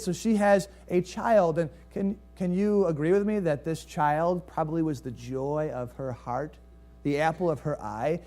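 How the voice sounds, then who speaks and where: With a somewhat high voice at a moderate pace, a pastor preaches a story-driven sermon. He throws rhetorical questions at the congregation, his delivery rising lively and then falling to a quiet hush.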